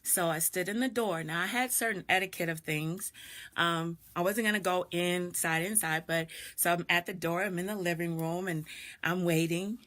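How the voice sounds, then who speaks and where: With a low-leaning, fairly bright voice at a moderate pace, this middle-aged woman hosts a live video. A doula and video host, she reflects on a personal story while greeting viewers as she goes.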